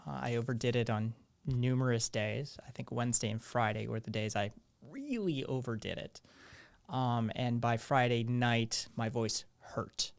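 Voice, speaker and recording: Hoarse guy ranting casually on his stream, sardonic, swears a lot, mid-pitched. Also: moderate pace. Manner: rambling, sardonic, swears freely. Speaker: live-stream show host. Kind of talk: casual live-stream commentary.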